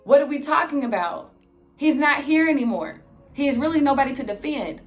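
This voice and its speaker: A young woman telling a storytime vlog as an animated, sarcastic, heavily profane rant. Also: sits high, moderate pace, soft background music. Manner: exasperated, sarcastic. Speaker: vlogger.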